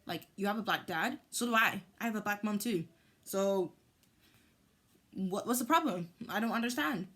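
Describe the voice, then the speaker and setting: A woman vlogger telling a storytime, animated and heated, with lots of "like". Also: mid-range voice, moderate pace. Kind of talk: storytime vlog.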